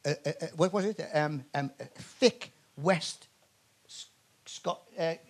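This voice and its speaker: A comedian and actor from Newcastle, England, with a Geordie accent, tells rambling anecdotes as a guest in front of a live audience. His voice is a little high and unhurried, and he is an animated storyteller who swears freely and restarts often.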